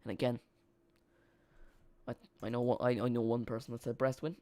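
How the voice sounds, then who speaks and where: A man's voice: medium pitch, level tone, fairly quick, mellow, dry recording. A man streaming a live football watch-along, chatting casually and often repeating or correcting himself.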